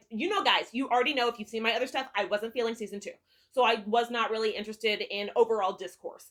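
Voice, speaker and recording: A woman's voice: a little high, sharp tone. A woman giving a candid, casual on-camera TV review as a vlogger, talking emphatically and swearing freely.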